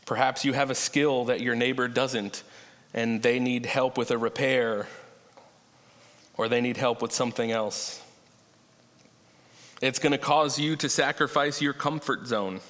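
Guy preaching in church, casual chatty sermon, bright forceful voice, big reverb in the sanctuary. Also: medium pitch, fairly even intonation. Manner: conversational, slows down to stress key points. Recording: long reverb of a large hall.

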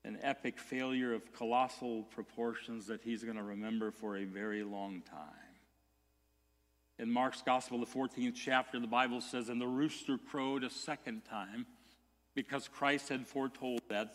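A man's voice: medium pitch, steady tone, moderate pace, fairly bright tone. A male pastor preaching an earnest sermon, with stammered restarts that swell into emphatic peaks. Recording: long hall reverb.

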